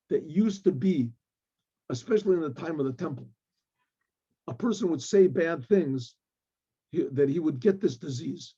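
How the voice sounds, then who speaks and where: A male rabbi teaching a Torah class, quoting Hebrew verses and explaining them in English, often clearing his throat. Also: fairly high pitch, dark tone, highs cut off.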